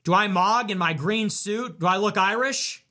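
A man's voice: high-pitched, normal speed. A man hosting a livestream, chatting casually and reacting to donations in a sarcastic, provocative, joking way. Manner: animated, sarcastic, provocative, jokey. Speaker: livestream host reading donations.

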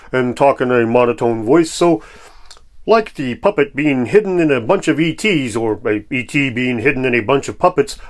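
A man putting on a flat, monotone impression of a young male YouTuber, delivered deadpan. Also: mid-range voice, natural voice.

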